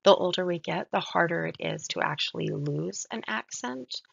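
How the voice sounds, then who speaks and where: A woman's voice: fairly low pitch, normal speed, creaky, breathy edge, dry recording. A woman giving a recorded mini-lecture on a poem, reflective and admiring as she walks through its lines. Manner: reflective, admiring, soft-spoken. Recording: dull lo-fi dry recording.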